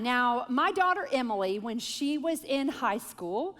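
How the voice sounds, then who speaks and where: A woman in her forties speaking to a moms' group, telling stories in an animated, self-deprecating way and leading a prayer. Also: high-pitched, a little slow. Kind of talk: live talk with prayer and storytelling. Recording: long hall reverb.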